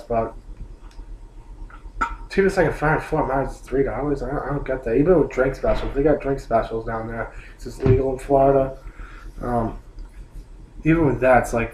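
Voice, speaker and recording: A man's voice: medium pitch, a little mellow. Man ranting in an echoey room. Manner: annoyed, complaining, swears, rambling with many likes. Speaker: vlogger. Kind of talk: casual ranting story. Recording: roomy echo, faint hum.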